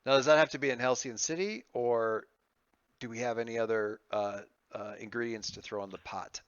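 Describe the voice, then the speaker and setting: A man running a tabletop game, chatting out of character, excitable and halting, with many restarts. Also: mid-range voice, clean tone, no echo. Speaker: game master. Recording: slightly muffled dry audio.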